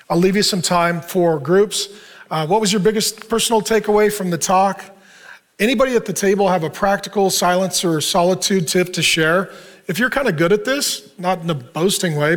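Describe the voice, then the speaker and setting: A middle-aged man, a pastor, telling a personal story in an earnest, conversational sermon to a men's group. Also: high voice.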